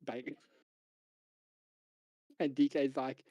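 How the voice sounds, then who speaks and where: A man streaming live, excitedly telling a board game story to friends in voice chat, repeating himself and laughing as he goes. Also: mid-range voice, slow, dry recording, low-quality recording.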